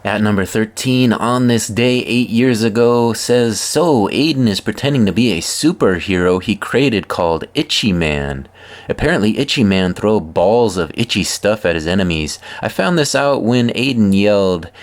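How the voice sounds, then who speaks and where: Casting note: low-voiced male host, reads viewer posts for laughs, dry deadpan asides. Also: measured pace. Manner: wry deadpan asides between readings. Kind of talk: comedic reading of social media posts.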